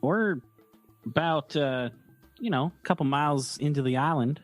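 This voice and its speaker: A man's voice: a little high, normal speed, faint music behind, close to an everyday voice. A man playing a plain-spoken army private, talking in a folksy, rambling drawl full of fillers.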